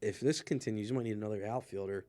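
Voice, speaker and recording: A man's voice: on the low side, racing, warm tone, dry recording. A man with a Philadelphia accent co-hosting a podcast, chatty and jokey in casual sports talk. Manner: chatty, jokey, laughs often.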